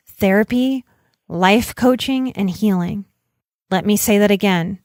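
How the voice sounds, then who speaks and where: A middle-aged woman hosting a solo self-help podcast, talking earnestly and emphatically, and slowing down to stretch out the key words. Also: medium pitch, darkish tone, no room sound, studio quality. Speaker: podcast host and counselor.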